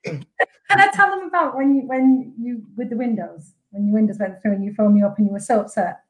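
A woman chats as a podcast guest, her voice sitting high and light. She talks in a jokey, self-mocking way and keeps things casual. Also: fairly quick, darkish tone, low-quality recording. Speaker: guest, sobriety coach.

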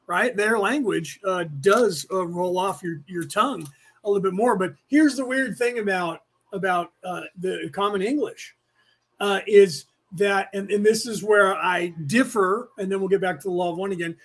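An American man hosts a podcast class in a loose, rambling lecture. He is opinionated and full of fillers and restarts. His voice sits notably high for a man. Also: normal speed. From United States. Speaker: podcast host and class teacher.

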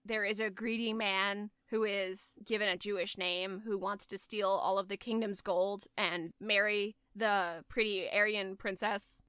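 Bright, crisp young woman, dry sound. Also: mid-range voice, level tone, measured pace, few pauses, dry recording. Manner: wry, analytical commentary. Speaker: podcast co-host. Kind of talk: casual chat.

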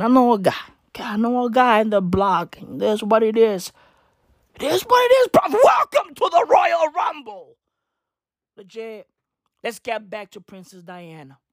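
A woman's voice: lowish voice, no echo, studio quality. A woman delivering a rambling, profane comic rant full of slang, breaking into mocking voices and laughter.

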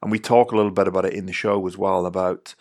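A low-voiced man in his thirties from England hosts a podcast in a loose, rambling way. His voice is gravelly, with a dry, close studio sound. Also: fairly even intonation, quick pace, a little mellow, no echo. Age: 30s. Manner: rambling, restarts with "you know". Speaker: podcast host. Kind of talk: casual podcast chat.

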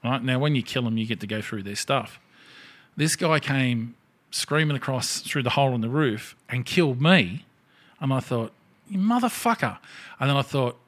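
Swearing, animated storytelling man. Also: mid-range voice. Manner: animated storyteller who acts out other people's lines, swears freely. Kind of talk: casual chat.

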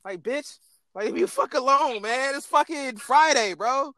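A man's voice: very high voice, animated, normal speed, a crowd in the background. A man in casual chat, angrily ranting with heavy swearing about his kid's teacher. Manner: heated, profane ranting with laughs. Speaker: parent venting about a teacher.

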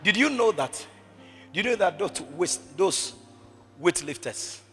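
A man preaching a sermon, driving his points home by repeating phrases and swinging from shouting to hushed speech. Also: high voice, expressive, a little slow, faint music behind. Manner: emphatic, repeats phrases over and over.

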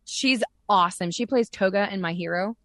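A woman's voice: medium pitch, moderate pace, fairly bright tone. Blunt chatty woman, voice actress. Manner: blunt, chatty, acts out voices and sounds in her stories. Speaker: voice actress and voice director, podcast guest. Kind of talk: candid casual podcast chat.

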